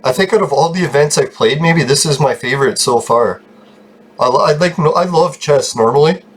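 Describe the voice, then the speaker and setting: A man's voice: a little high, a little fast, slight background noise. A man telling rambling personal stories while commenting on his gameplay, swearing often and laughing at himself. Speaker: gaming YouTuber.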